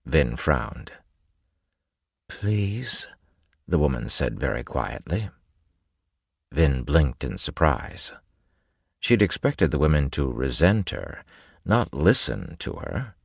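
A man narrating an audiobook with a steady, even reading. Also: rumbling low, slow, gravelly, breathy edge, dry recording, clean studio sound.

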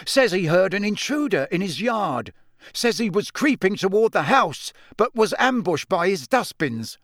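A man reads a harried middle-aged wizard official in a storybook, pressing and complaining. The voice sits a little high and sounds dry and close. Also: big pitch swings, a little slow, fairly bright tone, dry recording, heavily acted. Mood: urgent.

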